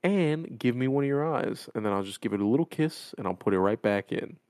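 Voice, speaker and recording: A man's voice: medium pitch, expressive, fairly quick, a little mellow, a little hiss or hum, lightly acted. A man voicing a scheming old female swamp hag with a coaxing, sly manner while he retells a game scene.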